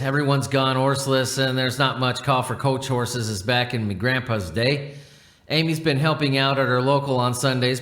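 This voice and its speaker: A man's voice: medium pitch, fairly bright tone, natural voice. A man voicing a proud, chatty working-class male coach horse in a roomy room, reading the lines without a put-on accent. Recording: roomy echo.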